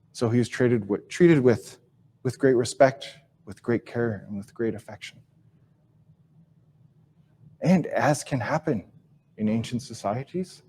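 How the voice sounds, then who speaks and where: A man giving a live teaching talk and telling a story, speaking slowly and reflectively, repeating and restarting phrases, his sentences fading softly at the ends. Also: medium pitch. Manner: slow, reflective delivery with soft, trailing phrase endings; repeats and restarts phrases while searching for words. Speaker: Ojibwe language teacher and speaker.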